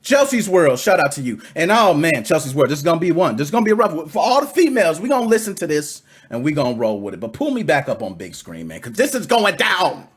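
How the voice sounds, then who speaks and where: Man, gaming podcast host, husky voice, fairly high, lively swinging delivery, hyped casual slang. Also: fast talker, hardly any pauses. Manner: hyped, slangy, talks straight to chat. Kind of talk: live-streamed casual podcast talk.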